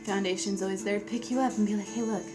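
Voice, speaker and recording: A woman's voice: medium pitch, fairly even intonation, racing, music in the background, poor audio. A young woman chatting casually through a makeup tutorial, giggly and self-mocking, with offhand asides. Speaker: beauty vlogger.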